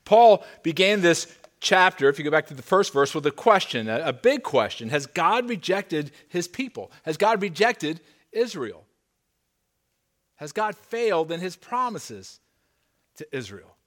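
A man's voice: high-pitched, a little slow. Emphatic man preaching a sermon. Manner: animated, emphatic when reading scripture, with stammered restarts and asides. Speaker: pastor. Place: church sanctuary.

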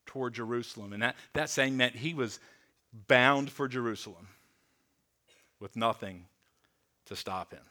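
A man, a pastor, preaching a sermon in an earnest way, slowing and dropping soft on key words. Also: mid-range voice. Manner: earnest, slows and drops softly on key words; repeats words while restarting.

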